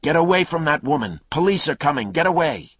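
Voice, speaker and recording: A man reading an audiobook, voicing an alarmed male neighbor who yells warnings from a window. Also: a little high, animated, fairly quick, no echo, voice pushed up. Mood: yelling. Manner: yelling urgent warnings.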